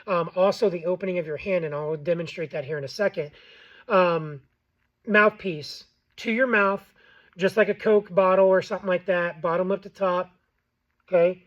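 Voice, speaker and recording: A man's voice: high voice, steady tone, normal speed, muffled recording. Plain-spoken man teaching a tutorial. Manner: plain-spoken, frequent ums, checks in with okay. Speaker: game call maker and tutorial host. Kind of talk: casual how-to tutorial.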